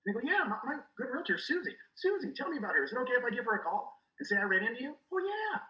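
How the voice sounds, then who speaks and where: A middle-aged man giving energetic coaching talk as a guest, acting out quoted dialogue as he goes. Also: very high-pitched, racing, reverberant, muffled recording. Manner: animated, acts out quoted dialogue. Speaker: guest, real estate recruiter.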